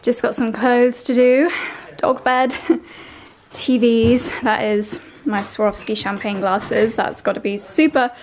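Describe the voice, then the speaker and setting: A woman's voice: fairly high pitch, little pitch movement, slow, a little hiss or hum. A young woman chatting to camera in a lifestyle vlog, bubbly and out of breath from carrying boxes around a house. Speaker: lifestyle vlogger. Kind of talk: casual vlog chat to camera. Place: house during a move.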